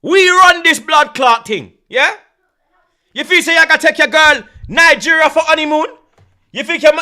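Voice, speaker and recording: Ranting Jamaican-accented man, high-pitched. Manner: loud, teasing banter with slang and patois. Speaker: host. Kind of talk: heated livestream rant.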